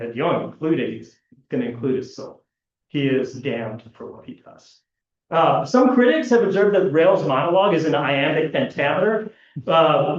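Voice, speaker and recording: A man presenting an academic paper at a conference panel, reading a prepared analysis with occasional fillers and restarts. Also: fairly high pitch. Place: large lecture hall. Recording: echoey hall, distant, dull lo-fi.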